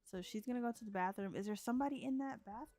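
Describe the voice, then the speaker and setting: Chatty woman streamer, slightly high voice, laughs a lot, gives the game characters their lines in casual commentary. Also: racing, mellow, faint music behind. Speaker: streamer playing a life-sim game. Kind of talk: casual let's-play commentary.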